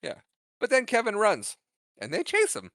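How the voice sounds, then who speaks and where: A young podcast co-host retells a movie scene in casual chat, animatedly acting out the characters' quotes and laughing often. He has a high voice at a moderate pace, with no room sound.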